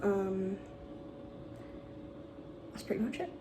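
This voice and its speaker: A woman's voice: mid-range voice, expressive, takes it slowly. A young woman chatting casually about her running while out on a run, a little out of breath. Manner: chatty, upbeat, informal. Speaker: vlogger. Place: outdoors on runs. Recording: noisy outdoor phone recording.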